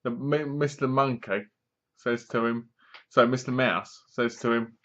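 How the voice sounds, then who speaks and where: A man's voice: mid-range voice, a little slow, fairly bright tone. Chatty man reviewing a horror film. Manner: rambling, chatty retelling with asides. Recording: dull lo-fi recording.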